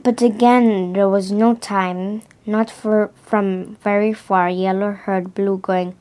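A woman reads a children's storybook aloud at a very slow, careful pace. She often trips over words and starts them again. Her voice sits at an ordinary pitch. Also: fairly even intonation, dark tone. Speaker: reader.

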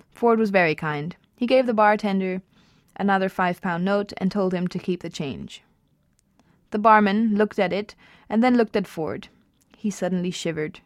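A woman reading a novel aloud at an even pace, with small slips and restarts. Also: medium pitch, no echo, clean studio sound. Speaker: reader.

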